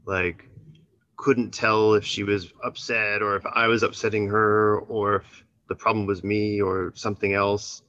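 A man calling in to an advice show, speaking hesitantly and softly with many fillers. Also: on the low side, flat delivery, unhurried, dry recording. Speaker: caller. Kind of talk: call-in conversation. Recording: dull phone-line caller audio.

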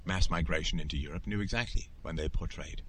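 A man's voice: very deep voice, quick pace, fairly bright tone, a little hiss or hum, low-quality recording. A man hosting his own show, giving an emphatic solo commentary monologue and often tagging his points with a rhetorical "right?". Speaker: podcast host.

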